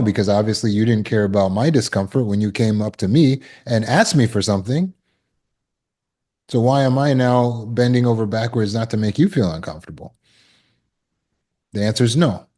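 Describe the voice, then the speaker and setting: Low-voiced man teaching trauma recovery. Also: warm tone. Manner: conversational, acts out quick quoted exchanges. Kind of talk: teaching talk.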